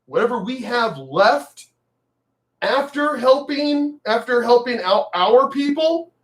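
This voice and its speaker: A man in a profane, mocking political rant, repeating himself and shouting mock cheers. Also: very high voice, lively intonation, takes it slowly. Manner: angry, profane, repetitive, mocking. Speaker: video commentator.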